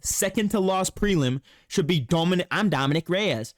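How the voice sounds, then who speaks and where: A man's voice: high voice, animated, normal speed, no echo, clean studio sound. A man co-hosting a casual sports reaction chat, heated and profane as he rants. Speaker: podcast co-host.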